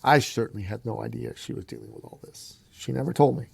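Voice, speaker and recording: This man talks fast, his vocal fry carrying a breathy edge, and the recording has no room sound. Appearing as a podcast guest, he narrates a personal story with lively flair, calling the listener "brother" and performing the voices he quotes with sharp pitch jumps.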